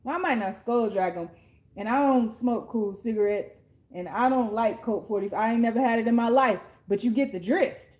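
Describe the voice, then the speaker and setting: This is a high-voiced woman doing a casual tarot reading on camera. She talks bluntly and sassily, swears freely and leans into slangy street talk. She sounds like herself, with nothing put on. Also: normal speed, a little mellow. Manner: blunt, sassy and profane. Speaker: tarot card reader.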